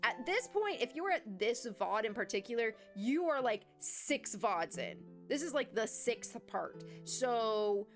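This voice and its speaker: A woman's voice: fairly high pitch, measured pace, few pauses. A young adult woman streamer chatting animatedly and laughing at herself as she wraps up her stream. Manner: animated, self-deprecating. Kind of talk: casual stream outro. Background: faint music.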